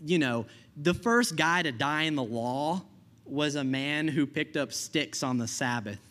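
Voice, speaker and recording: Young male preacher, higher voice, chatty sermon delivery, keeps asking the room "right?". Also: unhurried, fairly bright tone. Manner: casual, conversational preaching with frequent "right?" and laughs.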